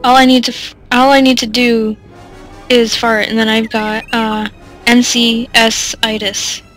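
A fairly high-voiced woman talks loosely over a game, wandering off topic and poking fun at herself. She fills pauses with "uh" and "like" and breaks into giggles. Soft game music plays faintly underneath. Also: flat delivery. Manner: rambling, self-deprecating, giggly, many fillers. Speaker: let's play commentator. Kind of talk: casual gameplay commentary.

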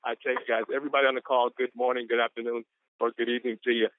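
A man presenting on a motivational conference call, excitable and whooping between quotes. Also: medium pitch, racing, smooth, no echo. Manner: excitable, hollers woo. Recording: tinny phone line.

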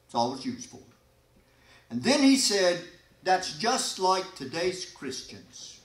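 A man preaching a sermon as pastor, folksy and animated, with sudden loud emphasis and quiet asides. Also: high voice, takes it slowly. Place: church sanctuary. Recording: echoey church hall.

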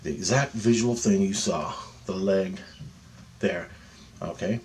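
A low-pitched man speaks slowly over a slight hiss or hum as he leads a guided meditation as its teacher. His delivery is profane and insistent, he keeps asking "okay?", and he gets louder and more animated as he goes.

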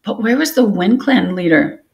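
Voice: medium pitch, animated, moderate pace, vocal fry. A book club reader reading a novel aloud steadily, with occasional restarts after slips.

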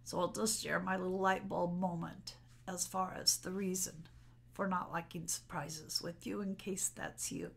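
Using her camera mic, a middle-aged spiritual vlogger rambles candidly and personally in an unscripted talk at home. Her lowish voice is creaky and breathy-edged, her delivery flat and a little slow.

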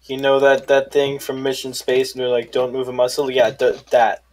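A man on game voice chat, cautious and steady, directing his teammates. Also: mid-range voice, moderate pace, slight background noise. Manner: cautious, gives team instructions. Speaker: gamer on voice chat.

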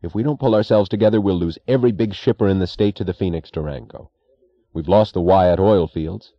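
A man's voice: low voice, brisk, no echo, muffled recording. A man reading an audiobook voices an earnest, worried young railroad assistant who speaks urgently and plainly. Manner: urgent, pleading, plain-spoken.

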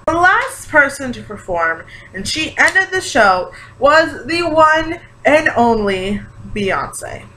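A young woman vlogs in a bright, clear voice that sits a little high. She gushes excitedly and leans on lots of fillers. A faint hiss runs underneath. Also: slow pace, low-quality recording. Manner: gushing and excitable, many fillers. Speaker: vlogger. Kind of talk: casual reaction vlog.

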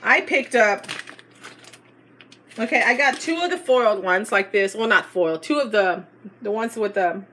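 A woman's voice: mid-range voice, normal speed, long pauses, pushed and bright, slight background noise. A middle-aged woman, chatting and gushing as she shows a store haul in a casual vlog. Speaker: haul vlogger.

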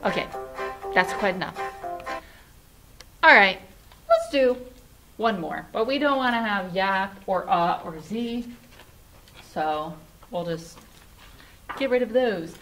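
A woman's voice: mid-range voice, expressive, slow pace, pauses often, a bit bright. A woman music teacher giving a children's lesson online in a patient, sing-song teacherly way.

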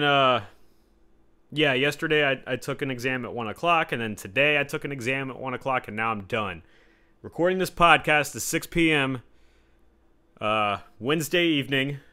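A young man talks into his home podcast mic in a loose, rambling rant. His voice is bright and forward, and he swears freely. He shifts between low muttered asides and sudden loud outbursts. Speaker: podcast host. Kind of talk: solo casual podcast rant. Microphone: home podcast mic setup.

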